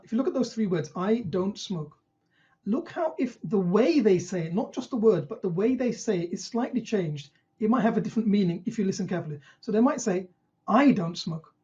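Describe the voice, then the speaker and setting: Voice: mid-range voice, warm tone, dull audio. A GP trainer teaching an online session, who asks rhetorical questions and acts out what patients might say.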